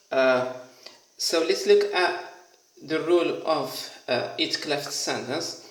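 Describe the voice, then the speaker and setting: Slow, deliberate male English teacher. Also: on the high side. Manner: slow, deliberate explaining with repeated examples. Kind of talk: grammar lesson. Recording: echoey room.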